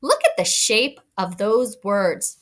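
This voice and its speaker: A woman teacher giving an online read-aloud lesson to young children, talking in an expressive, kid-directed way. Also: medium pitch, slow. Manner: animated, expressive teacher voice addressing kids. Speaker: elementary school teacher.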